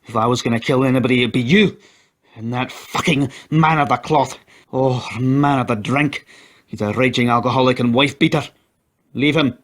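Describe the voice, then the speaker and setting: A man reading an audio story, voicing a hostile, hot-tempered brother who talks loud and threatening. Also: mid-range voice, moderate pace, pitched above the performer's own voice, close to an everyday voice. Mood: furious.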